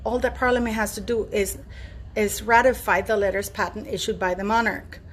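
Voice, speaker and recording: A woman's voice: mid-range voice, fairly even intonation, a little fast. A woman hosting her own channel, talking to viewers in a casual commentary monologue. She is emphatic, stresses her words and repeats her points. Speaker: YouTube channel host.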